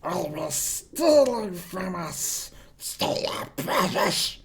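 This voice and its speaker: A man on a live stream voicing a wretched, paranoid cave creature with a raspy, hissing voice that slips into whispers. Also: high voice, sing-song, extremely slow, fairly bright tone, exaggerated voice. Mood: bitter. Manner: muttering, slipping into harsh whispers.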